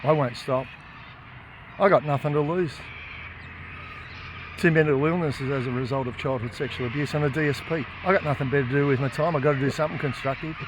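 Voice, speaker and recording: A man's voice: a little high, steady tone, a little fast, long pauses, background noise. An Australian man, an activist filming himself, speaking in an impassioned, defiant way and raising his voice to make his points. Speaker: animal rights activist. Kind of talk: impassioned filmed monologue and confrontation. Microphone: phone camera held by speaker.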